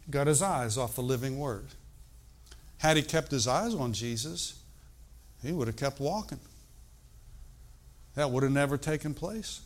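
An older man delivers a sermon in a medium-pitched voice, animated and emphatic, shifting between loud outbursts and hushed, slow stretches of emphasis.

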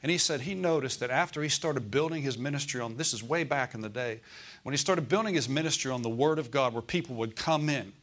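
A man's voice: medium pitch, fast, a bit bright. A middle-aged man preaching a sermon, repeating phrases for emphasis and asking his listeners for amens.

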